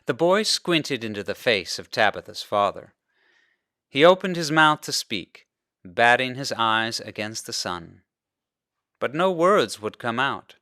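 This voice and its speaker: Pastor guy narrating a kids story, lively pitch, dry close sound. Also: no echo. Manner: slow, expressive read-aloud narration. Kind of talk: storybook reading.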